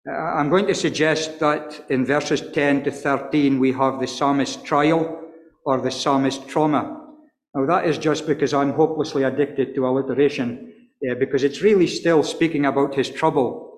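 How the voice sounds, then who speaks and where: A man preaching an earnest expository sermon, stumbling and repeating words, and reading scripture slowly in old-fashioned wording. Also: medium pitch, steady tone. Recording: echoey hall with long reverb.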